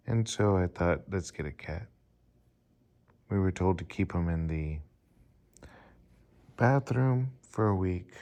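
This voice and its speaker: A man in his forties casually telling a rambling personal story to his channel, with many pauses and fillers. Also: sits low, darkish tone. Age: 40s. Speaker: vlogger.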